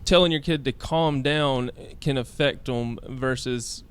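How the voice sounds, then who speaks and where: A man in his thirties with a smooth, resonant voice at a middle pitch. He talks in loose, casual podcast chat, often restarting and groping for the right words. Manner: halting, searching for words with many restarts and fillers. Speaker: podcast co-host.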